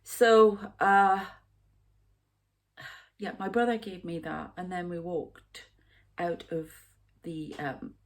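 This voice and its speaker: Woman, fifties, psychic medium vlog, rambling and halting, low-pitched voice. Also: steady tone. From United Kingdom. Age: 50s. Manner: halting, rambling, with hushed asides. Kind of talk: rambling spiritual vlog monologue.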